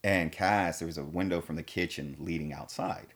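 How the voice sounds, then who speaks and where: A man with a fairly low voice tells a long story in a relaxed conversation. He is slangy and laid-back, swears constantly, and keeps calling his listeners dude and man. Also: moderate pace. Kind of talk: casual storytelling.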